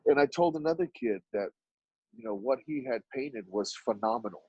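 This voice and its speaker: A husky-voiced man from Dallas telling animated stories as a podcast guest. He acts out the dialogue and his voice jumps up when he quotes other people. The recording is dry and a little muffled. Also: normal speed, no echo. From Oak Cliff, Dallas, Texas. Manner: animated storyteller who acts out dialogue with sudden jumps in pitch. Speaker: podcast guest, artist and business owner. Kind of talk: storytelling in a conversational interview.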